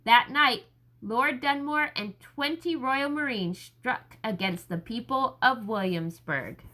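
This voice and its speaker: Bright expressive woman reading aloud. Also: slow pace. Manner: expressive, raises pitch for shouted lines. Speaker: audiobook narrator. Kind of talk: audiobook reading with character voices.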